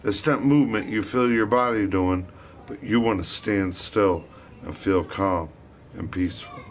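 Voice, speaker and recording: Slow, rambling, profane man. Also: fairly low pitch, a little hiss or hum. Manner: cursing constantly, disjointed and rambling. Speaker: vlogger. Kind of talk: rambling profane rant to camera.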